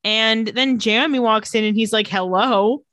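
Recapping a TV episode on a laid-back podcast, a woman co-host tells the story with gusto and performs the characters' lines in rapid voices. Her voice is a little high, and the sound is clean studio quality with no room noise.

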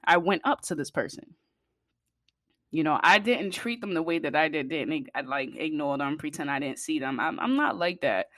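Blunt, animated woman with a low voice. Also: moderate pace, dry recording, studio quality. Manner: blunt, profane and animated, rising in pitch and volume when heated. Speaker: vlogger. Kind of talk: casual storytelling to viewers.

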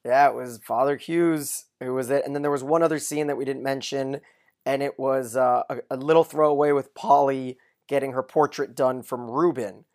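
A man's voice: medium pitch, fairly even intonation, moderate pace, a little mellow. Enthusiastic man recapping favorite scenes. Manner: enthusiastic, retells scenes with quoted lines. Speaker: podcast co-host. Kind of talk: casual chat recapping a TV episode.

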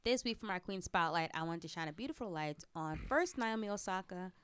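Low-voiced chatty woman. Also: lively intonation, a little fast, a bit bright, clean tone, no room sound. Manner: chatty, laughs easily. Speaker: podcast co-host. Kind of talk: casual chat.

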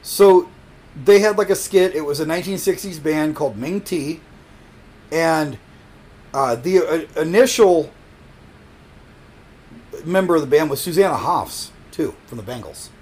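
A man's voice: a little high, expressive, unhurried, pauses often, darkish tone, slightly rough. A man co-hosting a casual podcast, sharing trivia in a hesitant way full of fillers and restarts. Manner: hesitant, lots of fillers and restarts, laughs easily. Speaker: podcast co-host.

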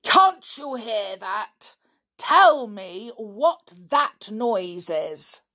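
A woman voicing a bad-tempered, stern middle-aged man who snaps his words out loudly and slowly in a husky voice. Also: medium pitch, big pitch swings, pitched above the performer's own voice, exaggerated voice. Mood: angry. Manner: snapping, raised and slow.

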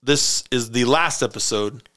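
A man hosts a podcast and tells a story in loose, casual chat. His voice sounds bright and forward, and he tells it in an animated way, laughing often. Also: medium pitch, a little slow. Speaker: podcast host.

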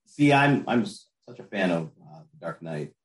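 Laid-back low-voiced male co-host. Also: sing-song, moderate pace. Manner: laid-back, rambling, trails off. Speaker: podcast co-host. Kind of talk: casual chat. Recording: roomy echo.

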